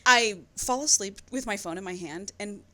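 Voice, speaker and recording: This young woman co-hosts a podcast, speaking at medium pitch and a moderate pace as she casually recaps a book. She narrates with energy and voices the characters' lines herself.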